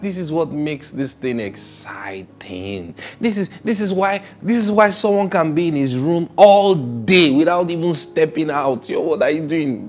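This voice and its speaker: A pastor with a Nigerian English accent preaches in a lively, sing-song voice that leaps up into loud exclamations and drops down to quiet asides. He laughs often as he talks. Soft instrumental music plays faintly underneath. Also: on the high side. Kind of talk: sermon.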